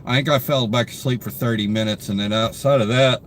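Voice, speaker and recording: A worn-out young livestream host yawns his way through the stream, reading viewer comments aloud and greeting people by name. His ordinary, mid-pitched voice keeps a steady tone and a brisk pace as he rambles with plenty of fillers, and a faint hiss runs beneath the desk-mic audio.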